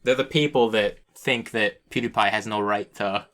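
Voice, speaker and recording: Bright-voiced young man joking crudely. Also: on the low side, steady tone, moderate pace. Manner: laughing often, joking crudely, stammering restarts. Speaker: podcast co-host. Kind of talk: casual chat.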